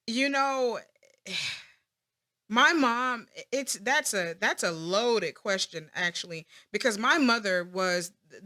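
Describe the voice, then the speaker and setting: A woman in her thirties, an interview guest, talking reflectively about her family with many pauses and restarts. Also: medium pitch, bright, forceful tone. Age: 30s. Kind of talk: personal interview.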